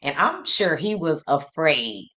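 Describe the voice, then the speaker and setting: A woman hosting a casual livestream, greeting her chat by name and reading messages aloud slowly. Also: sits low, big pitch swings, pushed and bright. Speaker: livestream host.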